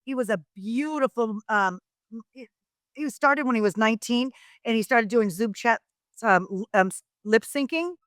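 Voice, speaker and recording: A middle-aged retired wrestler chats casually as a podcast guest, her fairly high voice at normal speed in studio-quality sound with no echo. She tells rambling stories, acting out the voices of the people she quotes.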